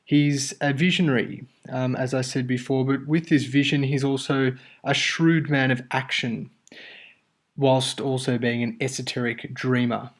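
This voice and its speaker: A man teaching a lesson on a poem, in a measured, explanatory way with occasional fillers. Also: medium pitch, flat delivery. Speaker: English teacher. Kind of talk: lecture on a poem.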